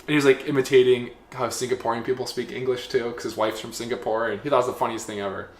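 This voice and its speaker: A man co-hosting a casual travel podcast talks at a mid pitch in a loose, rambling way, with "like" dropped into nearly every sentence. His voice carries a roomy echo, and a faint ambient hiss sits under it. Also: level tone, racing. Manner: rambling, lots of "like" fillers. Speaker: podcast co-host. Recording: echoey room, faint ambience.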